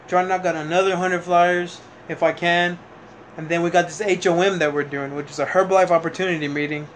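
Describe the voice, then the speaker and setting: A young man talks straight to his camera in a loose, rambling vlog, restarting sentences and piling up fillers as his frustration shows. His voice sits a little high for a man, and a faint hum of room noise runs under it. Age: young adult. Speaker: vlogger. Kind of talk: casual vlog monologue.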